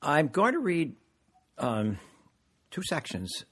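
An older man reading from his own memoir to a live audience in a measured, deliberate way, with occasional hesitations. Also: fairly high pitch, huge pitch swings, fairly bright tone, husky.

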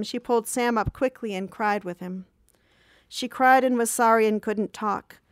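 Smooth, higher-pitched woman reading her journal. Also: dry recording, studio quality. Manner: calm, measured and reflective. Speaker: reader of her own journal. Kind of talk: literary reading of diary entries.

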